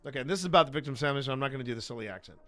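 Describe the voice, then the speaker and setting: A man's voice: mid-range voice, expressive, rapid-fire, pushed and bright, soft background music. A man hosting a podcast reads out news and chats casually, rambling and restarting his sentences. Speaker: podcast host.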